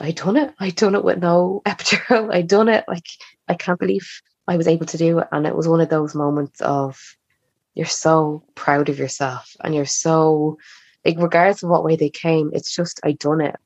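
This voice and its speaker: On a podcast, a young woman guest chats through a personal story and acts out the lines she quotes, her low voice a little mellow. The recording is dry and comes across slightly dull and muffled.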